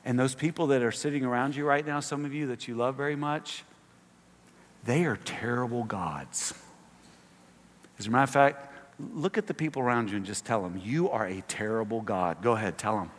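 A man preaching a sermon as pastor to a church congregation, swinging between emphatic, raised exhortations and quieter asides with fillers. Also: mid-range voice, a little fast. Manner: impassioned, rising to emphatic peaks, frequent fillers in asides. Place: church sanctuary. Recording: long reverb of a large hall.

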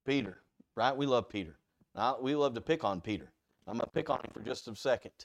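A man at mid pitch delivers a conversational sermon with a gravelly, creaky texture. He talks animatedly and keeps asking his listeners rhetorical questions. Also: quick pace. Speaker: preacher.

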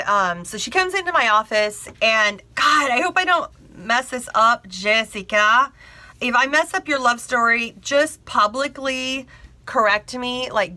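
Chatty woman with a bright voice. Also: mid-range voice, no room sound. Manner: chatty, animated, confiding. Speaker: bridal seamstress. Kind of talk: casual storytelling to camera.

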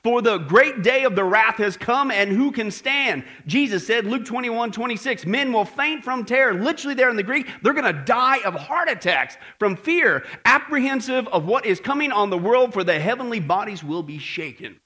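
A man's voice: very high voice, expressive, moderate pace, few pauses, pushed and bright. A man preaching as pastor, emphatic and talking straight to the congregation with frequent asides. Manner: emphatic, addresses folks with frequent okay and right. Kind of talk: sermon.

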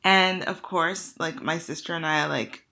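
A woman's voice: deep voice, unhurried. A young woman from the United States, hosting her own podcast and chatting casually, acting out the quotes as she tells a story. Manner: animated storyteller who acts out quotes. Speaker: podcast host. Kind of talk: casual monologue.

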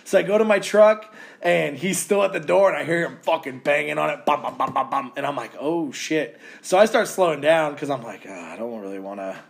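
Profane high-voiced man ranting. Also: a little fast, vocal fry. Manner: profane, ranting, animated storytelling. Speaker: podcast co-host. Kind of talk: casual podcast chat.

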